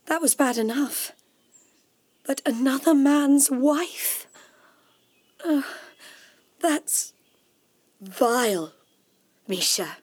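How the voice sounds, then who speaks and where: A high-voiced, wounded young wife in a radio play, tearful and reproachful. She speaks slowly, in a dry studio sound. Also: darkish tone, slightly rough, no echo, heavily acted. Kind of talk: radio drama acting.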